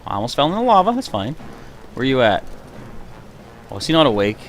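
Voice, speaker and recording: Animated, chatty male game streamer. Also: mid-range voice, a little fast, slight background noise. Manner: chatty, talks to himself and chat while playing. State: hiccuping. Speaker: live streamer. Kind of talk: gameplay live stream commentary.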